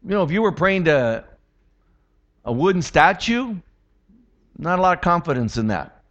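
A man's voice: on the high side, very animated, normal speed, a bit bright. Man preaching a casual sermon, lo-fi sound. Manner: conversational preaching with jokes and repeated questions. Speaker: pastor. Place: church.

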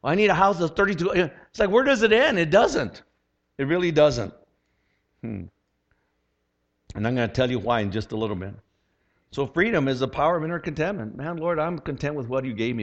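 Speaking a little fast in a fairly high voice, a man in his sixties delivers a humorous, conversational sermon as a pastor, leaning on rhetorical questions. The recording is lo-fi and dull.

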